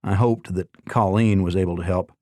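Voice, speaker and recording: A man narrating an audiobook in a steady, even reading. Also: low voice, normal speed, no echo, clean studio sound.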